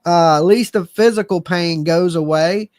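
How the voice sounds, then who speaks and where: A man's voice: high voice, normal speed, a little mellow, no echo, clean studio sound. A middle-aged man hosting a live stream, reading chat comments and joking in a goofy, self-mocking, slangy way.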